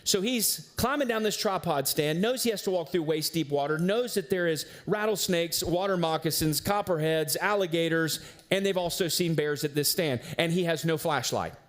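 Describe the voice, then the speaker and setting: A man preaches from the pulpit with a noticeably high voice. He tells his story casually, then hammers his point with repeated, emphatic lines. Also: normal speed. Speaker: pastor. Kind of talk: sermon.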